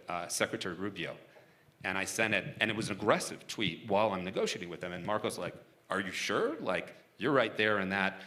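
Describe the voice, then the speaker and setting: A man's voice: fairly low pitch, bright, forceful tone. A man being interviewed onstage about his work negotiating for hostages, talking casually and frankly, chuckling often and restarting his sentences.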